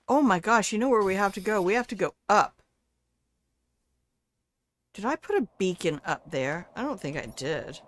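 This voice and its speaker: A woman's voice: medium pitch, animated, a little slow, long pauses. An older woman chatting casually as she streams a video game. She talks back to the game and swears offhandedly. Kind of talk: casual live-stream gameplay commentary.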